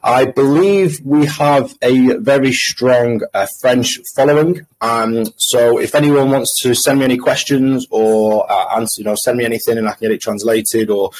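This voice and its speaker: A man's voice: mid-range voice, little pitch movement, normal speed, few pauses, slightly rough, rough recording. A man with a Manchester accent giving a voice-chat presentation to investors, hesitant and full of ums and restarts. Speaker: crypto trader presenting to investors. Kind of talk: screen-share voice chat presentation.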